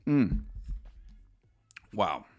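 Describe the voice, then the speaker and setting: A man's voice: on the low side, sing-song, extremely slow, darkish tone, faint music behind. A man streaming a live manga reaction, ranting with profanity and sarcasm and reading out chat comments.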